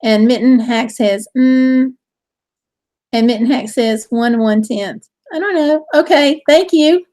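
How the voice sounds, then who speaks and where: A woman's voice: fairly high pitch, slow pace, mellow. A woman hosting a casual live stream from home, with a Southern US accent, cheerfully reading viewer comments aloud.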